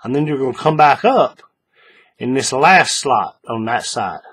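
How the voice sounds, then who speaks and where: Here a man with a slightly rough, medium-pitched voice talks at a measured pace. He guides viewers through a hands-on craft project, relaxed and repetitive, frequently confirming they're still with him.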